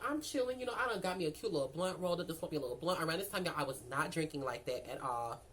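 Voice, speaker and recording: A young woman spins a casual storytime tale, her speaking voice sitting on the low side. She is animated and profane, acting out both sides of each conversation. The delivery is loose and chatty. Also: low-quality recording.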